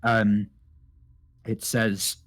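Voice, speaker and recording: A man narrating a tabletop game as game master, halting with many restarts. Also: fairly low pitch, little pitch movement, fairly bright tone. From United Kingdom.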